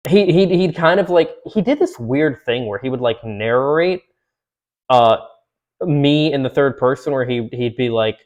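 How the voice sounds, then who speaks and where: A young man in his twenties chats loosely to his viewers. He rambles and restarts sentences, and fillers, laughs and the odd swear word break up his talk at an ordinary middle pitch. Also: lively intonation, a little slow, lo-fi sound. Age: 20s. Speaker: vlogger. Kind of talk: casual chat to camera.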